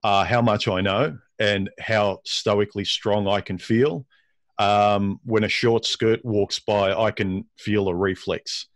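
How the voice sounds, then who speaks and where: A man's voice: fairly low pitch, fairly even intonation, dry recording. A man as a guest in a casual discussion, often repeating words as he works out his thoughts. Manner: halting, repeats words while thinking.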